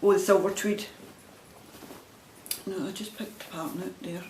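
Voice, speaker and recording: A woman's voice: steady tone, moderate pace. A Scottish woman chatting casually and rambling a little as she shows her crafting projects on her video podcast. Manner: chatty, self-deprecating, meandering. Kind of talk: casual show-and-tell chat. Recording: roomy echo, faint rumble.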